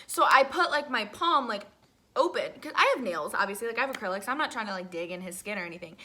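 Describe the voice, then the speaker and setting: A young woman telling an excited storytime vlog, swearing often and filling her talk with "like". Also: mid-range voice, fast. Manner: breathless, swearing, lots of "like" fillers. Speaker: vlogger.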